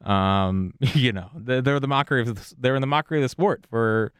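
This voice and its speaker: A man's voice: mid-range voice, a little fast, clear, resonant tone, no echo, studio quality. A man co-hosting a casual sports talk show, giving laid-back analysis with plenty of filler words. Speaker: sports podcast co-host.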